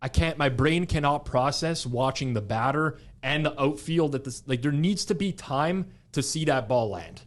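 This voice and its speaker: A young man co-hosting a podcast, talking in a casual, animated, rambling way and filling his speech with "like". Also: on the high side, normal speed, hardly any pauses. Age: young adult. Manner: animated, rambling, heavy use of "like". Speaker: podcast co-host. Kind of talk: casual chat.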